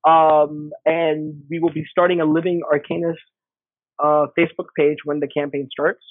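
Fairly high-pitched and moderately paced, this middle-aged man is a game designer guest sharing stories in a casual chat. He's animated and acts out the voices in his anecdotes, with his husky voice coming dry through a tinny phone line.

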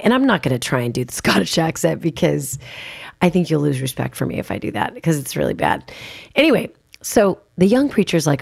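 A woman hosts a podcast and coaches listeners on public speaking. She talks in a low, gravelly voice that often drops into fry. Her delivery is emphatic and conversational, full of casual asides, heard dry and close. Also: darkish tone, no room sound.

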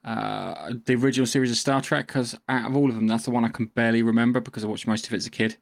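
A man's voice: medium pitch, steady tone, rapid-fire, vocal fry. A man co-hosting a podcast, talking casually and hesitantly with many repeated words and ums. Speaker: podcast co-host. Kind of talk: casual chat.

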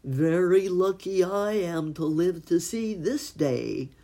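A woman voicing a grateful, excitable turkey gentleman in a storybook reading. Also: lowish voice, slow pace, voice pushed up. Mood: eager. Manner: excited, gobbling.

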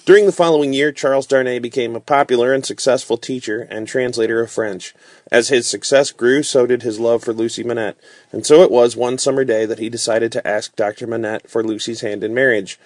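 A man reading a classic novel aloud as a bedtime story, calm and unhurried with occasional fillers. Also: mid-range voice, dry recording.

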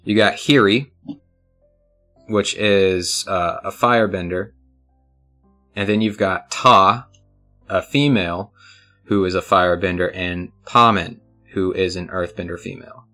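A man's voice: low voice, fairly even intonation, a little slow, long pauses, pushed and bright, faint music behind. A man narrating as game master of a tabletop game, talking casually to the players with lots of fillers.

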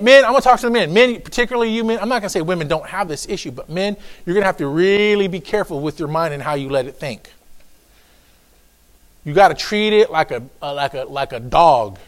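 In a man's voice, a pastor preaches emphatically and repetitively, folksy and prone to joking asides, ranging from low murmurs to shouts.

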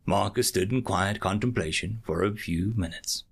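Gravelly man reading a sci-fi story. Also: fairly low pitch. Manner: expressive, measured narration.

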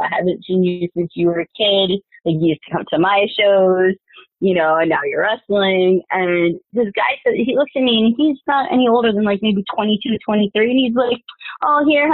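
A woman's voice: lowish voice, no room sound. Blunt, profane woman on a phone-like line. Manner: blunt, profane, fired-up storytelling. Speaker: guest, wrestling co-commissioner. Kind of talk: casual interview talk. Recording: dry phone-like remote call audio.

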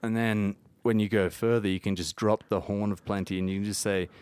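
A man with an Australian accent, talking in a rambling, animated way as a guest in a casual chat. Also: fairly low pitch, a little fast, smooth, no echo.

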